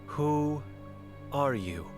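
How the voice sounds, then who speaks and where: A man's voice: mid-range voice, animated, very slow, music in the background. A man voicing a grim, guilt-ridden old blind woman in a video game, speaking in terse, broken phrases. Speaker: game character.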